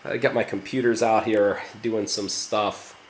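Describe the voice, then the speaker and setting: A man talks on in a loose, rambling, chatty way, swearing casually as he tours a small apartment. His voice sits at an ordinary pitch and sounds a little distant from the camera mic. The room around him is strongly echoey, with a faint hum of ambience. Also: level tone, measured pace. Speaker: vlogger. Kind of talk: casual vlog chat and apartment tour.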